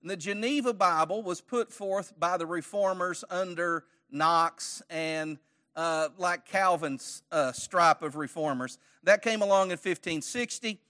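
A man's voice: high voice, a little slow, sharp tone. A man teaching a church Bible study lesson, conversational, quizzing his audience with questions and joking lightly.

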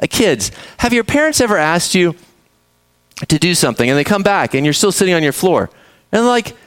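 A man preaching a sermon, telling the story with animated energy, acting out characters and speaking to the kids in the room. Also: sits high, no room sound. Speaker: pastor.

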